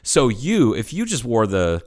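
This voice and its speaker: A man's voice: mid-range voice, unhurried. A man co-hosting a casual podcast, telling stories with lots of swearing and acting out what people said, a little tipsy. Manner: profane, animated storyteller who acts out quotes. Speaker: podcast co-host. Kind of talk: casual chat.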